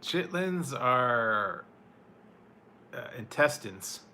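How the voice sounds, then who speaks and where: A man talks casually with his viewers as a food reviewer. He rambles and stops to restart, with lots of fillers and quick laughs. His voice has a bright, forward edge, and the pitch sits at an ordinary middle. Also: big pitch swings. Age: adult, once married. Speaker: food reviewer answering chat. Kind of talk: casual live-stream chat.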